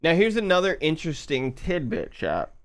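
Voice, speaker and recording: A man with a Southern accent, explaining his build step by step to his live stream chat in a relaxed way. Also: on the high side, normal speed, dry recording. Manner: relaxed, explaining, muttering to himself. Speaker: livestreaming programmer.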